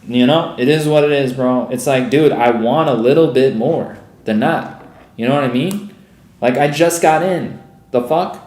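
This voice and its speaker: A man's voice: mid-range voice, normal speed, a little mellow, echoey room. A young man giving profane, exasperated live commentary on his trades as a streaming day trader, peppering every sentence with "bro" and "dude.".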